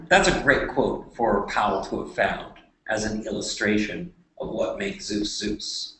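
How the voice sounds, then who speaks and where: A man giving a classroom lecture, talking haltingly with many fillers and restarts. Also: mid-range voice, fairly bright tone. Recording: echoey room, voice from far off.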